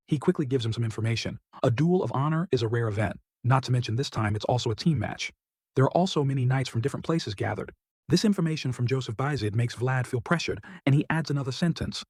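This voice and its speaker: A man with a husky, slightly rough voice narrates a scripted story recap. He reads steadily and evenly, recorded close in a dry, dead space. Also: mid-range voice, fast talker, darkish tone, no room sound.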